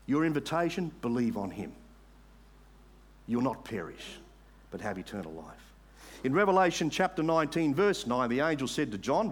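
A man preaching a sermon, making earnest appeals to the congregation and reading scripture aloud slowly. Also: mid-range voice, expressive, husky. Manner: earnest, rising to emphatic appeals.

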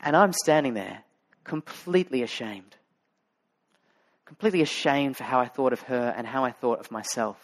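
At medium pitch and a moderate pace, a man from Sydney preaches as a pastor in an Australian accent. The delivery is chatty and story-driven, with lots of fillers and restarts.

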